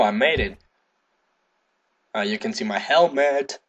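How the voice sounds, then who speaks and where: A man giving casual gameplay commentary, excitable, swearing, humming to himself and breaking into sudden high yelps. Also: unhurried, very noisy. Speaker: gaming video host.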